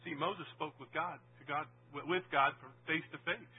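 A man preaching a sermon, animated, swinging from loud emphasis to quiet asides and putting questions to the audience. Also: a little high, normal speed, phone-quality sound, slight background noise.

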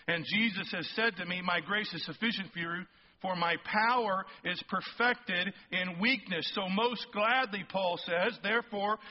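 A male pastor preaching a sermon, emphatic and rising toward near-shouts on key points, often checking in with the congregation. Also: high voice. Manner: asks the congregation frequent check-in questions. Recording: slightly muffled sermon recording.

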